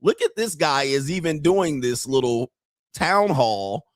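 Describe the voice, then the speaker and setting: Mocking animated male streamer. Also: medium pitch, moderate pace, dry recording, studio quality. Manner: mocking, animated, laughs often. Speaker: streamer reacting to clips. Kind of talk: casual reaction commentary.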